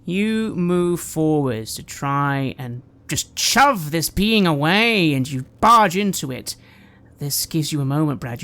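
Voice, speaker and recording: A woman runs a tabletop horror game as game master, with a very low voice. She narrates in a measured, dramatic way. Her descriptions build tension steadily. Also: fairly bright tone.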